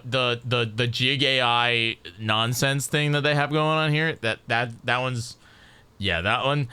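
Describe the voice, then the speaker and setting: A man's voice: mid-range voice, sharp tone, smooth. A man chatting casually on a live game stream, rambling and restarting his sentences over and over. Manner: rambling, stacks repeated restarts.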